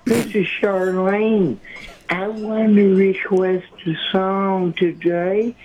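A man voicing a prim, polite woman caller in a put-on falsetto, speaking slowly and daintily over a tinny phone line. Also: flat delivery, noisy background. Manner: slow and dainty.

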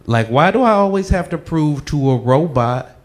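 A man doing stand-up comedy in a dry, deliberate delivery. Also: fairly high pitch, lively intonation.

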